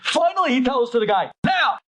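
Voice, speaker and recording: Animated high-voiced rabbi storyteller. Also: male voice, a little fast, breathy edge, poor audio. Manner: animated, acts out the characters. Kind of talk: storytelling talk to an audience.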